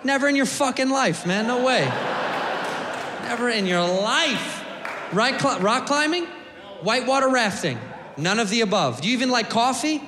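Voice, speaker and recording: A man from the United States doing a stand-up comedy set, animated and profane, slipping into funny voices for the people he mimics. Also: extremely high pitch, moderate pace, a crowd in the background. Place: comedy club stage. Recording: live club mic, echoey hall, audience noise. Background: audience laughter.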